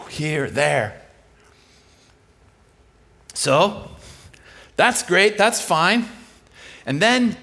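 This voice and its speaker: High-voiced preacher telling a story. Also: male voice. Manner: animated, acts out dialogue in shifting voices. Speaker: guest preacher. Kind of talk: sermon storytelling. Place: large church auditorium.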